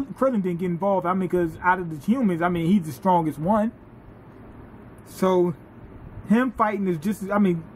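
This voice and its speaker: High-voiced man, animated and profane. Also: a little hiss or hum. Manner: animated, profane, laughing storyteller. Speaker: anime reviewer. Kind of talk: casual reaction review.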